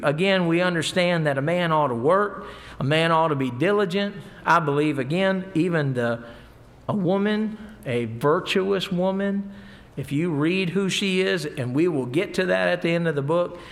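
A man's voice: fairly high pitch, gravelly, fairly bright tone. A middle-aged man preaching a folksy sermon, mixing scripture with stories. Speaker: pastor.

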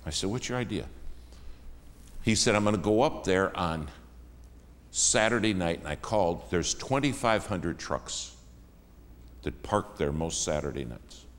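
A man's voice: sits low, expressive, measured pace, in a large hall. A man preaching a sermon, telling a story with folksy humor. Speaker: pastor.

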